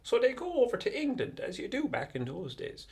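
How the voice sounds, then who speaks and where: Irish male storyteller, animated, rambling comic yarn, wide-ranging pitch. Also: brisk, creaky. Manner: chatty, digressive, animated.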